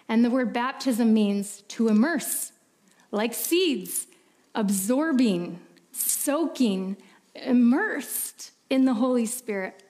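A woman preaches a sermon at a slow, deliberate pace. Her voice sits a little high, and she stretches key words with earnest emphasis. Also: a little mellow.

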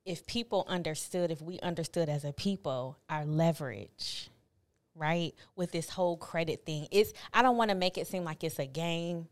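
A woman in her forties co-hosting a podcast, telling stories in a candid, animated, colloquial way. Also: deep voice, normal speed. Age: 40s. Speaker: podcast co-host. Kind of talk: casual chat.

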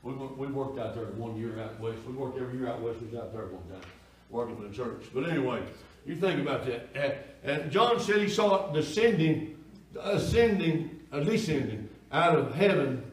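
Pastor man, folksy fiery sermon, booming echo, distant mic. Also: expressive, moderate pace. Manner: folksy preaching, rising to loud cries. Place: church. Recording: echoey church room from far off.

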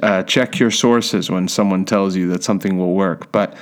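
Lowish-voiced man telling rambling anecdotes. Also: fairly even intonation, normal speed. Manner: rambling, self-deprecating, conversational. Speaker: storyteller. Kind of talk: casual personal anecdotes.

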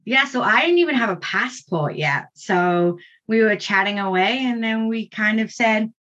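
A woman's voice: a little high, animated, moderate pace, fairly bright tone, highs cut off. A woman from England, chatting as a podcast guest over a video call and laughing easily. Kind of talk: casual chat.

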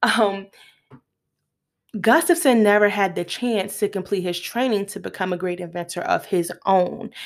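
A woman's voice: fairly low pitch, creaky. A woman hosting her own podcast, chatting casually through a film recap, acting out the characters' lines and laughing often. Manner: animated retelling with acted-out quotes; laughs often while talking. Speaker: podcast host.

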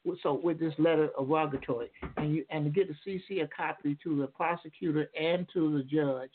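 A man's voice: fairly high pitch, steady tone, fairly quick, slight background noise. A man calling in to a radio talk show, explaining at length in a rambling, lecturing way with many restarts. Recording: tinny phone line.

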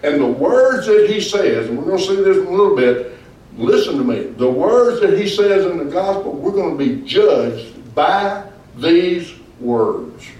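A male pastor teaching a Bible study, his voice a touch higher than most men's. He preaches emphatically and keeps calling on the group for "Amen?" replies. The sound is very echoey and picked up from far off. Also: sing-song, unhurried, darkish tone. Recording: echoey room, far from mic.

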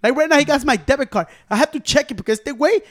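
A man co-hosting a podcast, a rambling, animated storyteller who mixes English and Spanish. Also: extremely high pitch, very fast, no echo, clean studio sound. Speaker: podcast co-host. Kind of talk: casual chat, switching between English and Spanish. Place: small room, podcast recording.

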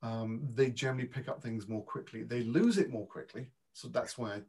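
Husky-voiced British man telling anecdotes. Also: mid-range voice, fairly quick, darkish tone. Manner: anecdotal, hesitant restarts, modest. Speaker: accent and dialect coach. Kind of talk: conversational interview.

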